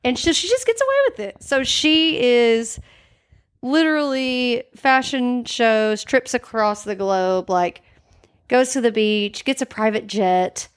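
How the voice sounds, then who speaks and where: A woman's voice: on the high side, takes it slowly, clean tone. A woman co-hosting a podcast in casual chat, telling a story with lots of "like" fillers and acting out the quoted lines. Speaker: podcast co-host. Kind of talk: casual true-crime chat.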